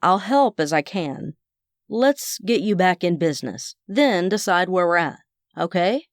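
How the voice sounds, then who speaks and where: A woman reading the part of a cautious, guarded contractor with a measured, hesitant manner. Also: fairly low pitch, animated, no echo, studio quality.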